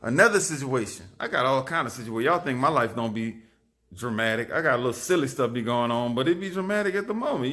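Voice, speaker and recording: A man, telling lively stories into his phone camera in a casual vlog. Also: mid-range voice, fast. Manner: animated, repetitive, lively storytelling. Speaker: vlogger.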